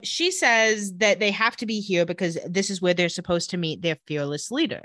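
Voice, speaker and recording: Bright, lively woman podcast co-host. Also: lowish voice. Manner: sarcastic asides while retelling scenes, quick laughs. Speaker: podcast co-host recapping an episode. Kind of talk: casual chat.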